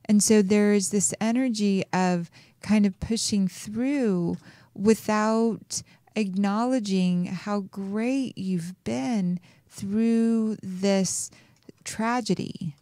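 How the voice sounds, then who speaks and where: Slow, soothing radio host woman. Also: medium pitch, mellow, no room sound, studio quality. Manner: slow, soothing, halting with fillers. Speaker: radio show host and intuitive reader. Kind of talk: on-air caller reading.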